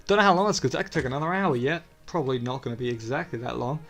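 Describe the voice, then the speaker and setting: A man's voice: medium pitch, lively intonation, rapid-fire, a bit bright, faint music behind. A man giving casual, rambling let's-play commentary into a close microphone, joking and often restarting his sentences. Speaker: gameplay commentator.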